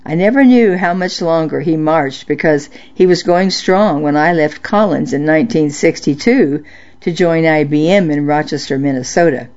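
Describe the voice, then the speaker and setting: A woman reading listener-sent nostalgic stories aloud in a measured storytelling narration. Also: low-pitched, darkish tone, dull audio. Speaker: story reader.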